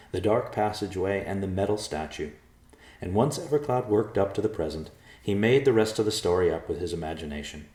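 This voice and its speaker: A man narrating a storybook chapter with a steady, expressive reading. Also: deep voice, echoey room. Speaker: audiobook narrator.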